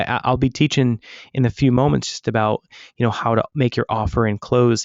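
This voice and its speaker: A man coaching on a webinar, energetic and encouraging, smiling as he talks. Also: mid-range voice, vocal fry, no room sound. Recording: dry, dull lo-fi webinar audio.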